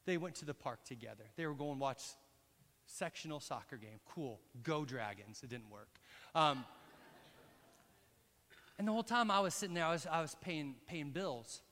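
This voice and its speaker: A middle-aged man preaching a sermon in a church, telling a personal story with lively, direct asides to the congregation. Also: on the high side, moderate pace, pauses often. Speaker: pastor. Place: church hall. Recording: long reverb in a large hall.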